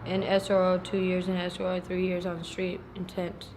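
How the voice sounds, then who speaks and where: Woman answering questions short and blunt, flat low voice, street noise behind. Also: moderate pace. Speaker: interviewee. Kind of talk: street interview.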